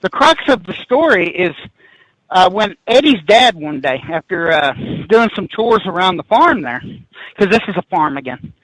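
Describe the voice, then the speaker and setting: Bright-voiced excitable man telling a story. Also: high-pitched, normal speed, no room sound, rough recording. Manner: excitable, restarts sentences, laughs mid-story. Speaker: guest paranormal investigator. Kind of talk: animated storytelling in a podcast interview.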